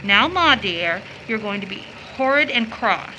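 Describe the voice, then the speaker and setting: A woman playing a lively, affectionate young woman who teases and gushes in a stage play reading. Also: medium pitch, a little slow, a little hiss or hum, rough recording. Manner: effusive, gushing, teasing.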